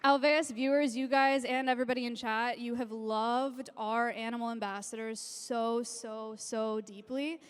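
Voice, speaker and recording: A young woman presenting on stage at a convention, excited and gushing as she announces a fundraiser to a live audience. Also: on the high side, unhurried, hardly any pauses, clear, resonant tone, some chatter behind. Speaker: sanctuary founder presenting on stage. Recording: long hall reverb.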